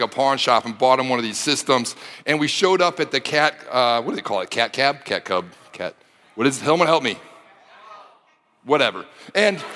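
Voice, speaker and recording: A man preaching a sermon, telling a personal story with animated delivery that rises to shouting at the exciting moments. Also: on the high side. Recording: long hall reverb.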